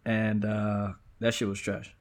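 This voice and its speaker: A man's voice: on the low side, completely flat delivery, slow. A man in a casual podcast conversation, speaking in a laid-back, blunt, slangy way.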